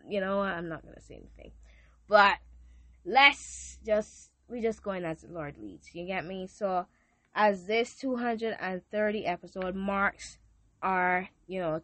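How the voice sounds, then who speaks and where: A woman hosting a podcast talks in a slow, unhurried way, often repeating her words. Her voice is bright, and the recording is dry and close. She sounds heartfelt and devout. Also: lowish voice, dry recording. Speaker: podcast host. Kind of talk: casual thank-you message to listeners.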